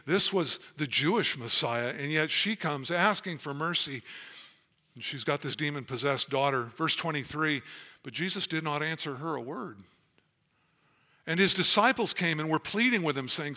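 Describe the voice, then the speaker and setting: A man's voice: a little high, lively intonation, normal speed, bright, forceful tone. A man preaching a sermon as pastor, earnest and emphatic as he reads and explains scripture.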